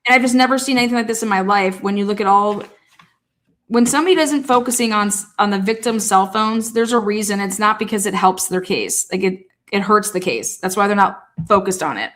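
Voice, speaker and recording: A woman talking through a case in a casual livestream, rapid, heated and full of swearing. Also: medium pitch, fairly bright tone. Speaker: true-crime commentator.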